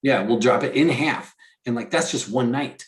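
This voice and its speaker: Male co-host, casual and eager, rambles with restarts at a mid pitch. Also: normal speed. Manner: enthusiastic, rambling with restarts and fillers. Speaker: podcast co-host. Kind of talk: casual chat.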